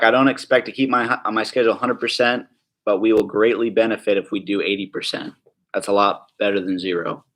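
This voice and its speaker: A man teaching a class at a prayer school in a casual, joking way, full of asides and quick check-ins with the room. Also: on the low side, fairly bright tone. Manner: chatty, joking, full of "like" and "right?".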